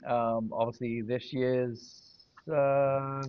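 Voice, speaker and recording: A man's voice: mid-range voice, level tone, extremely slow, muffled recording, a little hiss or hum. A man co-hosting a podcast, speaking hesitantly with many fillers. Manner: hesitant, many ums and uhs. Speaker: podcast co-host. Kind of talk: casual chat.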